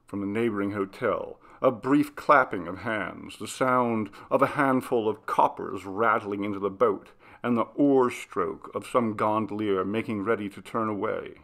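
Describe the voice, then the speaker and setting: A man narrating a classic ghost story in a measured, dramatic reading. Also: fairly low pitch, a bit bright. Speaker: audiobook narrator.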